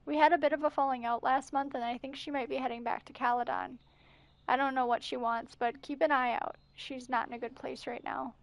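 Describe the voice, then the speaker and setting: A woman's voice: sits high, steady tone, fairly quick, gravelly, dry recording. A woman streaming a game and reading its messages and journal entries aloud as narration, with breathless asides. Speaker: gameplay streamer. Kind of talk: reading game texts aloud during a playthrough.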